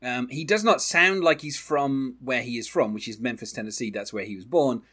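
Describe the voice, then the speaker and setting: Bright-toned man sharing film trivia. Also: mid-range voice, moderate pace, slightly rough. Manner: relaxed, explanatory, with many ums. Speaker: podcast co-host. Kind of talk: casual film discussion.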